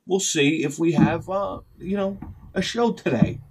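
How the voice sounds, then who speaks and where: This man's voice sits a little high and unhurried, with a faint hiss or hum in the recording. Hosting his retro game vlog, he wanders through a story, voicing both people in a conversation in quick, animated bursts.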